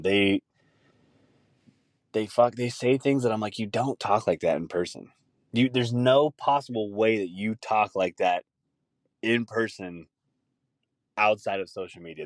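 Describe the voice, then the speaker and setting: A man's voice: lowish voice, no echo, studio quality. A man hosting a podcast, ranting in a profane, casual chat and laughing easily. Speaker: podcast host.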